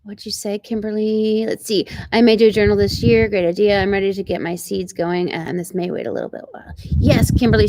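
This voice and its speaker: A woman's voice: medium pitch, a little mellow, a little hiss or hum. A middle-aged woman from Oklahoma with an Oklahoman accent hosts a casual live stream outdoors, chatting and greeting viewers by name. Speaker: ranch channel host reading live chat. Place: outdoors on a ranch.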